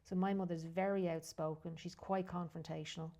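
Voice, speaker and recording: A woman's voice: fairly low pitch, steady tone, a little fast, dark tone. A woman speaking as a guest in a candid conversation, emotional and frank, sometimes dropping almost to a whisper. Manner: emotional, heartfelt, drops to a near whisper at times; frank, occasionally swears.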